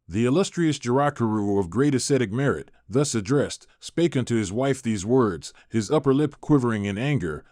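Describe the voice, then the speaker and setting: A man narrating an old epic translation in a measured, formal audiobook reading. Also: medium pitch, expressive, darkish tone, no room sound, clean studio sound.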